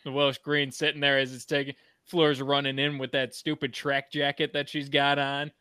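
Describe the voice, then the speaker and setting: Bright-voiced joking man. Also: mid-range voice, normal speed, clear, resonant tone, dry recording, clean studio sound. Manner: animated, joking, lots of "you know". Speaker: podcast host. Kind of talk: casual chat.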